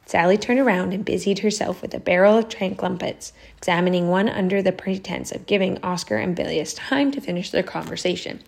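A woman narrating a storybook aloud in a measured, expressive way. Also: on the low side, gravelly.

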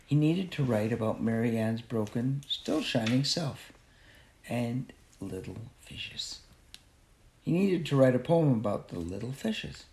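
A man narrating a children's novel aloud in an expressive, unhurried way. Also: medium pitch, creaky, a little hiss or hum. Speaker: audiobook narrator. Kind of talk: storybook narration.

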